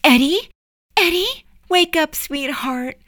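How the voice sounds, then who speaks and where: A woman's voice: high voice, lively intonation, slow, noisy background, voice pushed up. A woman voicing a sweet, soothing young mother in a storybook reading.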